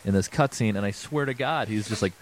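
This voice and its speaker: A man's voice: lowish voice, fast. A man co-hosting a casual video game podcast, rambling with many fillers and the odd swear. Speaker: podcast co-host.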